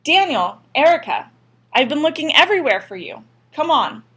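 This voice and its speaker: Shrill, anxious aunt, hurried, read by a woman. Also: sing-song, fairly bright tone. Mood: urgent. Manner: shrill, urgent. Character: anxious aunt hurrying the children.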